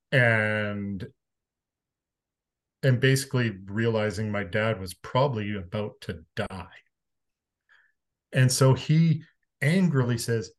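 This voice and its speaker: Interview guest: low-voiced Canadian man, frank storyteller, casual swearing, calm to emphatic. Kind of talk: candid conversational storytelling.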